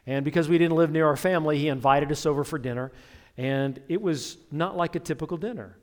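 A middle-aged man delivers a sermon from the pulpit with a somewhat high voice. He preaches conversationally, telling stories and speaking directly to his congregation. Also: fairly quick. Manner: conversational storytelling with asides to the congregation. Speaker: pastor.

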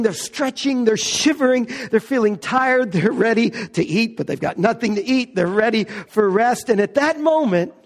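A man preaching a sermon as pastor, stressing key words slowly and with emphasis. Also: very high-pitched, long reverb tail.

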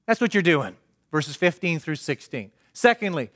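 A man preaching a sermon, asking the congregation questions and answering them himself, swinging from emphatic to hushed. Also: on the high side, very animated, normal speed.

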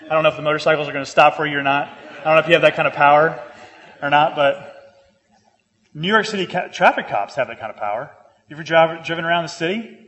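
A man's voice: on the high side, fast talker. A man delivers a sermon. He speaks earnestly and restates key lines for emphasis. His words ring with a long reverb through a church hall. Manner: earnest, repeats phrases for emphasis, grows lively with humor. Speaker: pastor.

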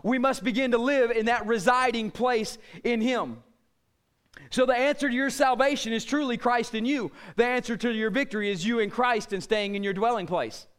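A middle-aged man preaching a sermon, fervent, rising to shouts and dropping low. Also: normal speed, smooth. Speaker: pastor.

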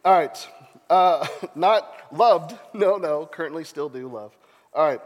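A man's voice: a little high, slow. A man preaching, reading scripture aloud with playful, self-mocking asides. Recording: long reverb of a large hall.

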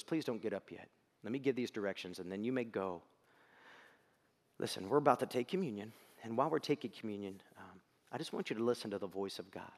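A man preaching a sermon as pastor, earnest and building to emphatic peaks before a quiet prayer. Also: medium pitch. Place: church sanctuary. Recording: reverberant hall.

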